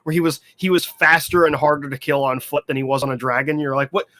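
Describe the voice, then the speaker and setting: A man chatting casually on a gaming podcast, profane and animated, often laughing as he tells stories. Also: a little high, fast. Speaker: podcast host.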